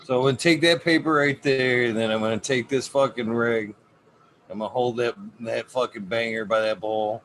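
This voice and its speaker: A man hosting a relaxed home livestream, swearing freely and narrating each step as he goes. His voice sits at an ordinary pitch, with a faint hum of room ambience behind it. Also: moderate pace. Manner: laid-back, heavy swearing, narrating what he does. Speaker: livestream host. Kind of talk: casual livestream chat.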